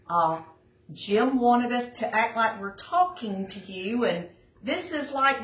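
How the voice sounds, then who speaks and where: Chatty rambling woman, roomy muffled recording. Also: medium pitch. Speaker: sister giving a birthday greeting. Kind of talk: casual video greeting. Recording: roomy, muffled home video.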